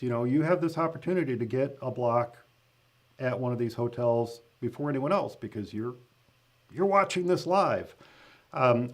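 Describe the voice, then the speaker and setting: Man, live-stream host, casual and chatty, lots of ums and restarts, mid-pitched voice. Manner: chatty, loose, many fillers and restarts, laughing asides. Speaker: event organizer hosting a live stream.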